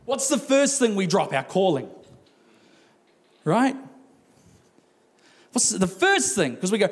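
A man's voice: high-pitched, very animated, slow pace, pauses often. A male pastor preaching a sermon in a conversational way, with laughing asides and acted-out quotes.

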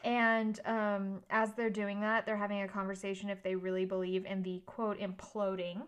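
A woman's voice: medium pitch, flat delivery, moderate pace, smooth. Chatty woman recapping a movie. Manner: rambling recap, heavy on "like" and "um", swears freely. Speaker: podcast co-host. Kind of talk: casual movie recap chat.

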